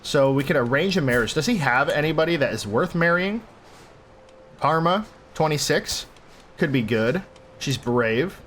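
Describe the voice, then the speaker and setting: A man's voice: a little high, expressive, normal speed, pauses often, a bit bright, a little hiss or hum. A young man hosting a role-play game playthrough, reading game text aloud and commenting with chatty enthusiasm. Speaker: gaming channel host.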